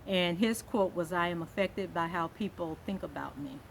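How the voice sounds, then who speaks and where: Woman vlogger with a slightly low voice doing a relaxed chatty TV recap, light background hiss. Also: moderate pace, gravelly, low-quality recording. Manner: conversational, many "um" fillers, reads quotes aloud. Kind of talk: casual recap commentary.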